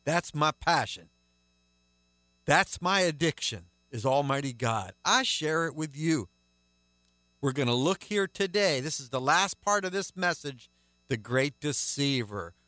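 A man preaching a radio sermon as host, emphatic and swinging between loud declarations and hushed asides. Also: on the high side, animated, unhurried.

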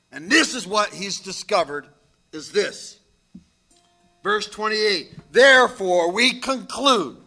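A man's voice: sits high, pushed and bright. A man preaching a sermon, emphatic, with dramatic drops to near whispers. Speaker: pastor.

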